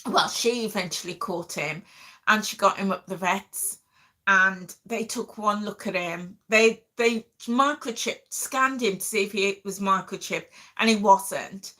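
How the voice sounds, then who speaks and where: A middle-aged woman hosting a vlog casually tells her viewers an emotional story. Her medium-pitched voice has a sharp tone, and she speaks a little slowly.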